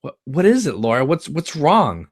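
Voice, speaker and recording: A man's voice: mid-range voice, measured pace, no echo, studio quality, voice pushed up, close to an everyday voice. A man reading the part of an anxious, earnest teenage girl who stammers and pleads.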